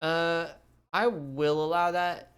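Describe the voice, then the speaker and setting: A man's voice: fairly high pitch, steady tone, takes it slowly, fairly bright tone, clear, resonant tone. A man running a tabletop game as game master, laid-back and chuckling often.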